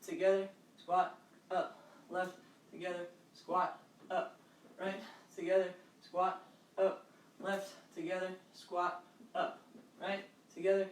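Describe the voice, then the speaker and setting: Encouraging woman fitness coach, echoey room. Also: fairly low pitch. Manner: upbeat, encouraging, calls out steps and counts. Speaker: fitness instructor. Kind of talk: live online workout class. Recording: roomy echo, distant mic, faint background noise.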